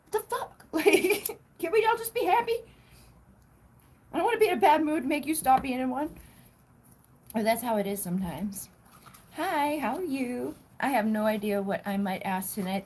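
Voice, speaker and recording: A young woman hosting a tarot livestream from home, chatting casually, giggling often and swearing freely. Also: mid-range voice. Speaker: tarot reader livestream host. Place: home, indoors.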